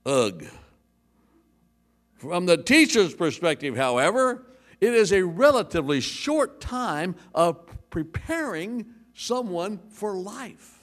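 A man preaching a sermon as pastor, telling jokes and stories in a lively way. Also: sits high, takes it slowly.

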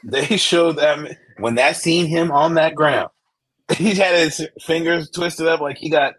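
A man's voice: on the high side, a little slow, fairly bright tone, husky. Laid-back, teasing podcast co-host man. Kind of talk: casual sports chat.

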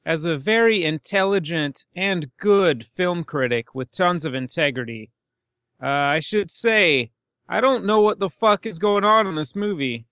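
A man's voice: sits high, lively intonation, a little slow, a bit bright, no echo. A man co-hosting a casual movie podcast, with sarcastic, self-mocking humor. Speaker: podcast co-host. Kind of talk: casual movie-review chat.

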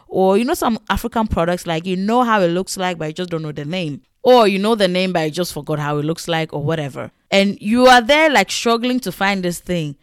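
A woman telling casual stories in a chatty, animated way, full of fillers. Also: fairly low pitch, clear, resonant tone, no room sound, studio quality. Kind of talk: casual storytelling vlog.

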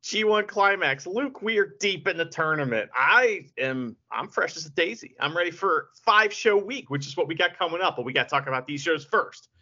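A man co-hosting a podcast in casual chat, hyping things up in a deadpan, mock-serious way. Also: fairly high pitch, moderate pace, few pauses. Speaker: podcast co-host. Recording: dull lo-fi audio.

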